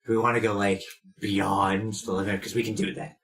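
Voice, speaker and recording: A man's voice: on the low side, level tone, brisk, fairly bright tone. A man playing a tabletop game, teasing the others with dry jokes. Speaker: player. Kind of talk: casual tabletop game chat.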